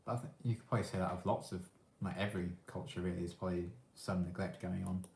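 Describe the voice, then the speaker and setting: A young man with an English accent, casually answering chat questions on his livestream in a relaxed, hesitant way with lots of ums. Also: low voice, fast, vocal fry. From England. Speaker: livestream host. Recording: echoey room.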